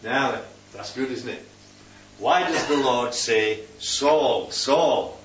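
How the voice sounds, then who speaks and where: A man's voice: mid-range voice, measured pace, a bit bright, a little hiss or hum. A man leading a Bible study, teaching and quizzing the group with questions. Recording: roomy, distant, dull sound.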